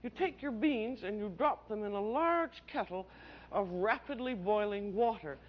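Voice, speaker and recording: A woman's voice: medium pitch, unhurried, slight background noise. An older woman hosting a cooking demonstration on an old television show, with a warbling, sing-song delivery. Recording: dull lo-fi old television audio.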